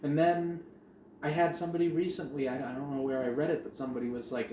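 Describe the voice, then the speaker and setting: A man co-hosting a casual podcast, telling a story in a profane, animated way. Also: fairly high pitch, fast. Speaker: podcast co-host. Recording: echoey room with faint noise.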